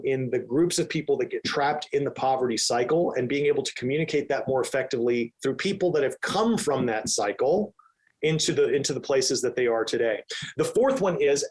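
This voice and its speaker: A man answering podcast interview questions with emphatic energy, sometimes acting out his own inner voice. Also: fairly high pitch. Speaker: real estate team leader, podcast guest.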